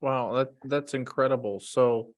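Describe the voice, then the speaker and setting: A man's voice: mid-range voice, unhurried. A man from the United States hosting a podcast interview, talking casually with frequent fillers and restarts. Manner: relaxed, filler-heavy delivery. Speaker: podcast host.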